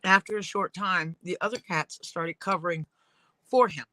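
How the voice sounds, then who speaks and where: Chatty woman with a bright voice. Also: lowish voice, normal speed, rough recording. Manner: rambling, storytelling. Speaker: leatherworker. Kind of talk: casual chat while crafting.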